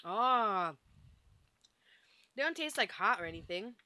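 Young female vlog co-host, crisp bright tone, blunt expressive snack reviews. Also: medium pitch, takes it slowly, dry recording. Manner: blunt and expressive about tastes. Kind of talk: casual snack taste-test chat.

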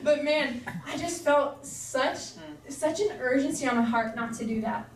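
A woman's voice: sits high, measured pace, crowd noise. A young woman giving a casual, earnest sermon, chatty and full of fillers. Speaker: preacher. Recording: echoey room, voice from far off.

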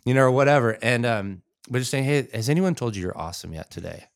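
A man co-hosting a casual chat, enthusiastic and quick to agree. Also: medium pitch, lively intonation. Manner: enthusiastic, quick affirmations like "huge". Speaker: podcast co-host.

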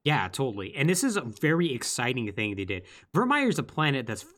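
Animated man recapping a game. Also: mid-range voice. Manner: animated, lively storytelling with quick asides. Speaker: podcast co-host. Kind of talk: casual chat recapping a video game.

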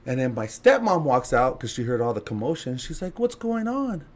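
A man's voice: mid-range voice, sing-song, a little fast. A man telling a story as a podcast guest in casual chat, laughing and swearing as he acts out the people in it. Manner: laughing, profane, acts out quotes.

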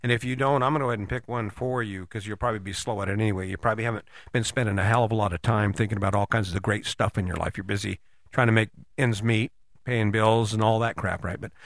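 Man with a bright, dry voice, motivational speaker coaching the listener directly, animated. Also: on the low side, quick pace, no echo. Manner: animated, acts out imagined dialogue. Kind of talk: motivational monologue.

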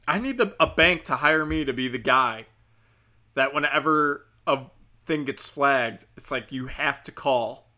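A man's voice: mid-range voice, normal speed, sharp tone. A man telling a rambling comic story, sarcastic and profane. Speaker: comedian. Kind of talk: comedic storytelling.

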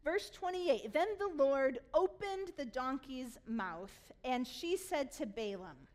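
A woman preaching from the pulpit with a high, bright-toned voice. She reads scripture and then retells the story in a lively, amused way, laughing at the funny parts. It is a warm, conversational sermon delivery. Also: slow pace. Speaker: pastor.

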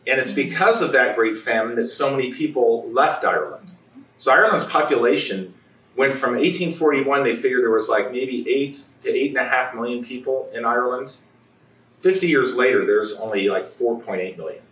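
A man preaches in a relaxed, conversational way, stopping to restart sentences and clear his throat. His voice sits at an ordinary middle pitch. The sound is roomy and picked up from some distance in the church, with a faint hum behind it. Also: moderate pace. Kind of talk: sermon. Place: church sanctuary.

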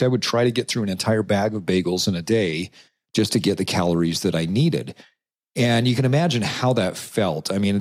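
A middle-aged man telling his own story as a podcast guest, relaxed and rambling, with frequent filler sounds. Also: on the low side, dry recording, clean studio sound. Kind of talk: casual storytelling interview.

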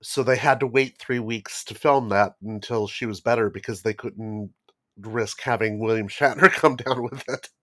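A man's voice: mid-range voice, normal speed, a bit bright, no room sound, clean studio sound. A man appearing as a guest in casual podcast chat, amused and laughing as he shares trivia.

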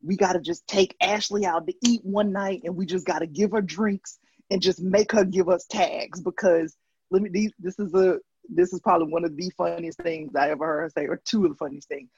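A man in casual conversation, an animated storyteller who laughs often and acts out what others said. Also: high-pitched, a little fast, husky, no room sound. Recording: dull dry lo-fi sound.

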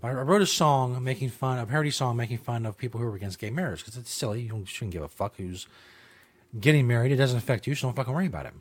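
A man's voice: mid-range voice, quick pace. A man hosting his own talk show, rambling casually with lots of fillers, restarts and swearing. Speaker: show host. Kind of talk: casual podcast monologue.

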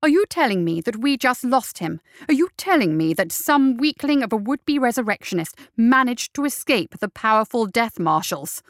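A woman's voice: a little high, expressive, moderate pace, fairly bright tone, dry recording, studio quality, pitched above the performer's own voice. A woman voicing a fierce, commanding marshal. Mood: furious.

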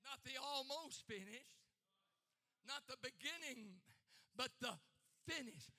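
An older man preaching at a revival conference, shouting and chanting, then dropping low to tell stories. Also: animated, takes it slowly, big-room sound. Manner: shouting and chanting repeated words. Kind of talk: revival sermon.

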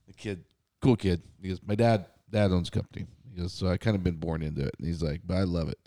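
A man's voice: low voice, steady tone, fairly quick, dark tone, no echo, clean studio sound. A man in his thirties, a podcast co-host and contractor, telling a story in casual chat, quoting others and swearing freely.

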